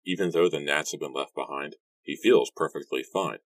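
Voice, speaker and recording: A brooding young man talks in a subdued, gloomy way, as a man reads him aloud. His voice is very deep and dry. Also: normal speed, no echo.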